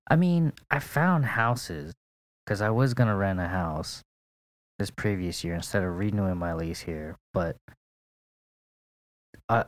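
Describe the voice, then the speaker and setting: A young man co-hosting a casual podcast, his voice sitting low. He talks in a laid-back way, swearing freely and laughing often. The sound is dry and close. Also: no echo. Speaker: podcast co-host. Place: apartment in St. Petersburg, Florida.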